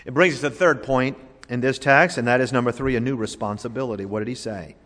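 Long hall reverb surrounds this sermon from a Florida pastor with a medium-pitched male voice. He alternates emphatically between booming declarations and quiet, stretched-out words.

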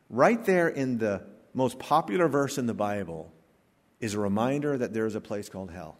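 A man's voice: lowish voice, brisk. Man preaching in a reverberant church. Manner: emphatic preaching with joking asides. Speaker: pastor. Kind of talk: sermon. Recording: long reverb of a church hall.

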